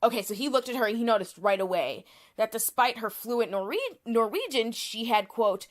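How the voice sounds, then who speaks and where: A woman's voice: on the high side, expressive, normal speed. Chatty woman explaining with restarts. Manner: explanatory, frequent restarts and fillers. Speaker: podcast co-host. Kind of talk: casual chat.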